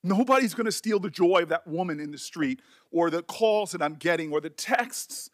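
An impassioned middle-aged man speaks at a formal hearing, his voice sitting higher than most men's. He talks with deep emotion and keeps stumbling and restarting his words as feeling catches up with him. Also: animated, moderate pace. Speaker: senator. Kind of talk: speech at a hearing.

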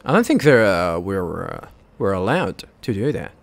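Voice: deep voice, big pitch swings, normal speed, creaky. A let's play host giving casual, joking gameplay commentary with muttered asides.

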